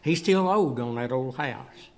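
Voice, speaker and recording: A man's voice: medium pitch, animated, unhurried, a little mellow. A man giving folksy stories and a testimony to a church congregation as a guest speaker. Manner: folksy storytelling. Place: church sanctuary.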